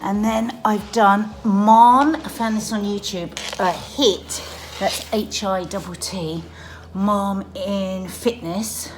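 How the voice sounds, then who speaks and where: A middle-aged woman vlogging casually from her dressing room at work, chatty and excitable, out of breath. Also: mid-range voice, slow, a little hiss or hum. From England. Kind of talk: casual vlog monologue.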